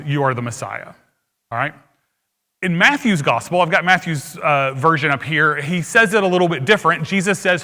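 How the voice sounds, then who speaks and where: Bright-voiced male preacher in a reverberant hall. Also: a little high. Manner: conversational, explaining scripture plainly. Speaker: pastor. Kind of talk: sermon. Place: church sanctuary.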